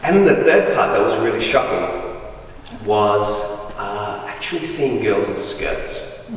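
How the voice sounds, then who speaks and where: A young man from Afghanistan giving a lively, humorous storytelling talk as a guest speaker in a school hall, heard through a distant microphone. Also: on the low side, slow, a little hiss or hum. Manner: lively, humorous, acts out voices of people in his stories. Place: large school hall with audience. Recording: roomy echoey hall from far off.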